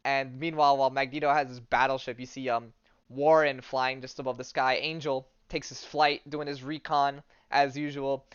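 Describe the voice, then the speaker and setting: Chatty male podcast host, smooth voice. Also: mid-range voice, normal speed, no room sound, muffled recording. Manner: animated, jokey storyteller with many fillers. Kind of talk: casual chat retelling a comic.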